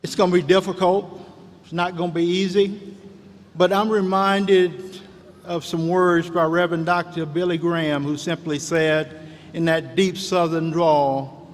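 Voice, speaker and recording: A man's voice: a little high, fairly even intonation, unhurried. A man giving a folksy, rousing commencement speech from a podium, calling out to the graduates. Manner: folksy, rousing, calls out to the crowd. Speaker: commencement speaker. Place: large hall. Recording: echoey large hall.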